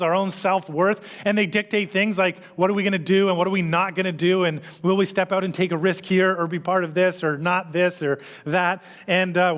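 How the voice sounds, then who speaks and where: A man's voice: high voice, a bit bright. A male pastor preaching a sermon in a conversational, self-deprecating storytelling manner.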